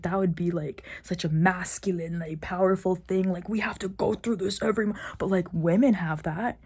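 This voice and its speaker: A woman's voice: medium pitch, warm tone, slightly rough. A young woman vlogging about her own life, frank and tired, swearing often and at times dropping to a whisper. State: tired and in pain. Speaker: art vlogger. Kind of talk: personal vlog rant.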